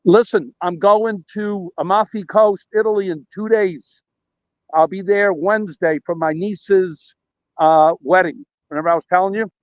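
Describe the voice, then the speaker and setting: A man's voice: sits high, unhurried, dry recording, muffled recording. A man calling in by phone from a park, rambling animatedly through a story with quoted dialogue. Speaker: caller. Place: outdoors at a park.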